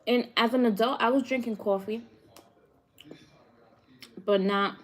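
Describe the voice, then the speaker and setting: Woman, New York accent, slow unhurried talk, laughs a lot, casual vlog chat. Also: a little high, steady tone. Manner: laughs often, chatty, drawn-out slow speech. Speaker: vegan cooking vlogger. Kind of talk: casual chat with live viewers.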